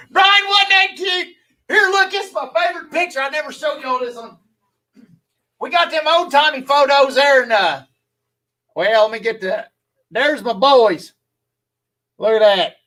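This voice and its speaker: Bright, high-voiced Southern man chatting. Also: measured pace, pauses often, far from the mic, low-quality recording. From Louisiana. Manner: folksy, chatty, laughs easily. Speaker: logger streaming to viewers. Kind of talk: rambling live-stream chat.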